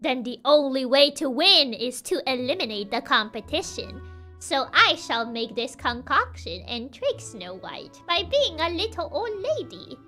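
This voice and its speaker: Woman doing a cackling vain witch from a silly storybook, voice shooting up high and loud, swinging wildly around, soft music under it. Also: very animated, a little slow, exaggerated voice. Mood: scheming. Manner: dramatic, cackling, shrill exclamations. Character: vain scheming female witch, theatrical.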